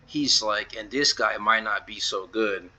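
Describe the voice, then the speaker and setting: A man with a very bright, forceful voice pitched a little low talks through a game-versus-manga comparison. He keeps it loose and chatty, stringing quotes together with "he's like," ums and uhs. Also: a little slow, poor audio. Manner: retells scenes in a loose run of "he's like" quotes, with fillers. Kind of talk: casual commentary video.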